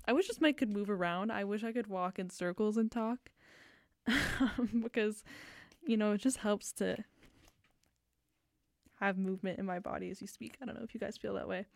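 A woman's voice: mid-range voice, normal speed, vocal fry, pauses often, dry recording. A woman hosting a fill-in radio show, chatting casually in a giggly, rambling, self-conscious way into a fixed studio mic. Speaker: radio host.

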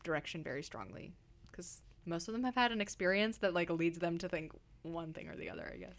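A woman's voice: lowish voice, sing-song, brisk, vocal fry. A woman co-hosting a casual studio chat, rambling through stories with frequent laughs. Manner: giggly, rambling storyteller. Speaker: radio co-host. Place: radio studio.

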